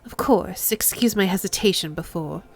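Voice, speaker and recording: A woman voicing a poised, unperturbed middle-aged negotiator who speaks in a measured, formal way. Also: on the low side, breathy edge, faint music behind.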